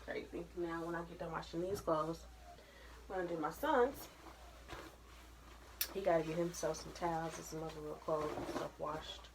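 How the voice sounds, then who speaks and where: Woman vlogger, chatty and joking, lowish voice, noisy home recording. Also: measured pace, pauses often. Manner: chatty, joking, talks to viewers while doing chores. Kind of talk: casual vlog chat. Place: home laundry area.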